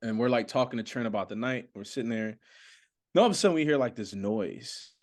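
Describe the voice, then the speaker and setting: A man's voice: mid-range voice, animated, quick pace, darkish tone. A comedian guest telling a story in casual podcast chat, acting out his friends' lines with swearing and laughter.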